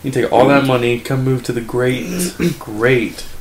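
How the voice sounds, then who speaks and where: A man's voice: mid-range voice, steady tone, unhurried. A young man co-hosting a podcast, chiming in with jokes and swearing in casual chat. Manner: chimes in with wisecracks and interjections, swears. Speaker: podcast co-host. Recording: echoey room, faint noise.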